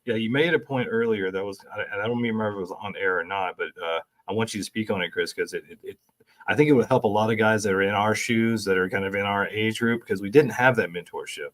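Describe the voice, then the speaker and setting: A middle-aged man with a low voice co-hosts a casual conversation. He speaks easily, steers the guest with questions and slips in light teasing. His tone stays relaxed and conversational. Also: fast. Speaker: podcast co-host. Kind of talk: casual chat.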